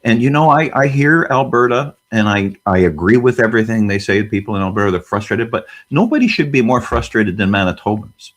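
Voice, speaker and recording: A man's voice: on the low side, lively intonation, fairly quick, few pauses. A man speaking as a guest on a panel discussion, fiery and emphatic, firing off rhetorical questions.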